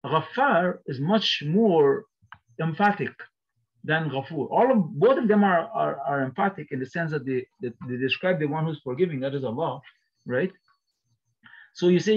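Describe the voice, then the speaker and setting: A man's voice: on the high side, expressive, normal speed, long pauses, breathy edge, muffled recording. A man teaching a recorded lecture, explaining patiently and repeating each phrase with frequent "right?" checks. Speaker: Arabic teacher.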